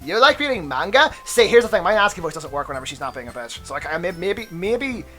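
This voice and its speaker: A man's voice: on the high side, lively intonation, quick pace, a bit bright, faint music behind. A young man hosting a let's play, chatting casually, laughing often, swearing and stopping to rant about the game.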